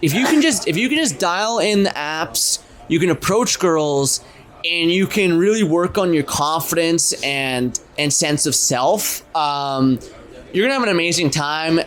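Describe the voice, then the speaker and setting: A man's voice: a little high, animated, unhurried, a bit bright. A man in his twenties co-hosting a casual podcast, talking animatedly, swearing and acting out his own pickup lines. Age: 20s. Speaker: podcast co-host.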